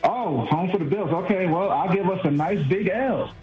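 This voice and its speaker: A man's voice: high voice, darkish tone, low-quality recording. A man from Brooklyn with a Brooklyn accent, calling in to a sports radio show, blunt and self-deprecating. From Brooklyn, New York. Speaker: caller. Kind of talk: call-in radio chat.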